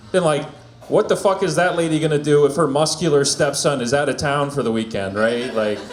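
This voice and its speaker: Awkward deadpan young-sounding stand-up comic. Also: male voice, a little high. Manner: awkward deadpan with nervous fillers and laughs. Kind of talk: stand-up set. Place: small venue open mic. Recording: echoey room.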